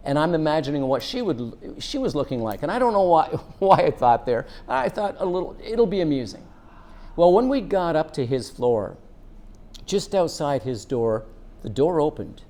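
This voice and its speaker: A man's voice: mid-range voice, a little mellow. A middle-aged man, a former police officer, earnestly telling a personal story and drawing a lesson from it. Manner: earnest, unhurried, draws out a lesson.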